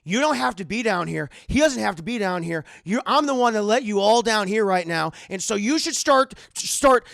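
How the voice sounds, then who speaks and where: A man voicing a menacing, controlling middle-aged bunker owner who shouts and lectures, retelling a film scene. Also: high voice, moderate pace, gravelly, long pauses, no room sound, clean studio sound, full character voice. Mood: domineering. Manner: shouting, domineering.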